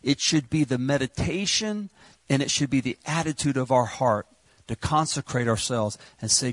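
A man preaching a sermon, impassioned and repetitive, rising to shouts on words of praise. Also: mid-range voice, moderate pace, dry recording.

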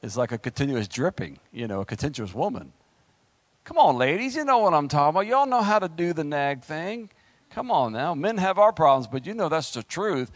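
A man preaching and reading scripture, breaking into lively, joking asides to the congregation. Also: on the high side, fairly quick, no room sound. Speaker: preacher leading a Bible study.

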